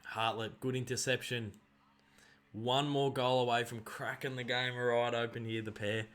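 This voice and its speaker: An Australian man calling a game live for his stream, his voice at an everyday middle pitch. He rattles off player names in quick bursts and jumps into loud, excited calls when the play heats up. It is casual, chatty commentary.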